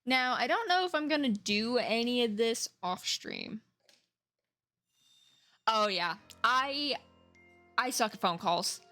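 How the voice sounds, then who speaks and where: A woman in her thirties talks casually to her stream chat, rambling and emphatic and swearing freely. Her voice sits fairly high. Faint game music plays behind her. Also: lively intonation, slow, pauses often, bright, forceful tone.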